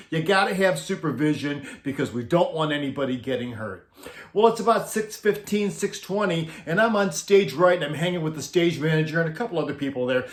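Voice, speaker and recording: Man, slightly high voice, casual storyteller, chuckles a lot, echoey room. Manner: laughs often while telling. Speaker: former concert sound crew member.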